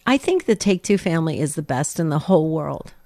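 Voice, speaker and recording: A woman's voice: deep voice, animated, fairly quick, a little mellow, dry recording. Gushing woman co-hosting call-in radio. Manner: gushing, enthusiastic. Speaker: radio show co-host. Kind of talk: casual call-in radio chat.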